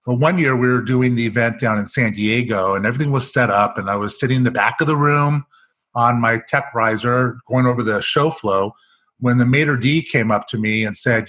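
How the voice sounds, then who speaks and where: A man's voice: medium pitch, moderate pace. A man with an American accent, an executive coach telling stories in an interview, acting out the dialogue. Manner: animated storyteller acting out quoted dialogue. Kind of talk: storytelling in a podcast interview.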